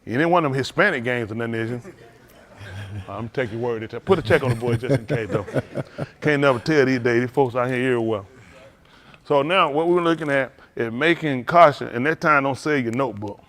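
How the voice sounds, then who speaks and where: At normal speed and medium pitch, a middle-aged preacher gives an animated sermon. He calls out to his listeners and slips in teasing remarks directed at the youngsters.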